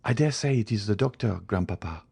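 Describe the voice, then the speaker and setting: A man's voice: on the low side, lively intonation, brisk, vocal fry, mellow, slightly rough, full character voice. A man voicing an anxious, devoted young noblewoman in an audiobook, pleading and crying out for help. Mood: gentle, earnest. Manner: pleading, rising to frantic cries. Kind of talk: audiobook character voice.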